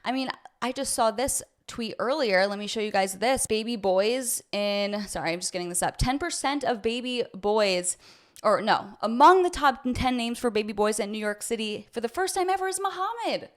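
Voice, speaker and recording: A woman's voice: on the high side, moderate pace. A woman from the United States giving a heated, opinionated commentary as a vlogger, talking to her viewers with a sarcastic edge. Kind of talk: ranting commentary to camera.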